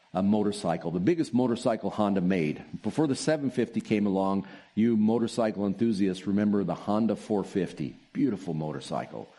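A man preaching a sermon as pastor, telling stories with soft laughs and drawn-out emphasis. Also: on the low side.

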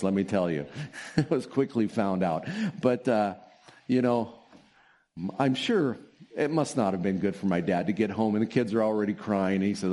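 A man preaching a sermon as pastor, telling stories with soft laughs and drawn-out emphasis. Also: fairly low pitch.

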